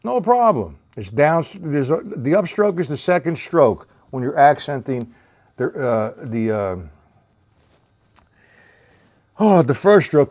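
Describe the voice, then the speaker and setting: A man's voice: fairly high pitch, a little mellow. A middle-aged man teaching drums on a live stream, counting beats and explaining technique in a blunt, rambling way. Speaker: drum teacher. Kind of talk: live-streamed drum lesson. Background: drums played between talk.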